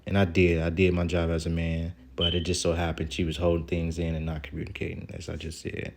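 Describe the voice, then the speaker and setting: Deep-voiced man venting in a rambling vlog. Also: completely flat delivery, fairly quick, vocal fry, hardly any pauses. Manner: rambling and aggrieved, with casual profanity. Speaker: vlogger. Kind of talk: venting vlog monologue reading out texts.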